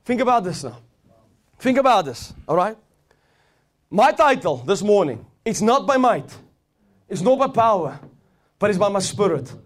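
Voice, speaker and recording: A man's voice: sits high, sing-song, moderate pace, pauses often. A man preaching a sermon with fervor, repeating phrases and building intensity as he goes. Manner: fervent, rising and swelling as he preaches, with repeated phrases.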